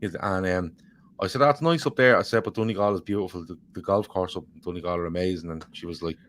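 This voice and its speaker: A man's voice: sits low, fast talker, a bit bright. A man co-hosting a casual football podcast, rambling, swearing freely and joking as he reads viewer comments. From Ireland. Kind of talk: casual chat.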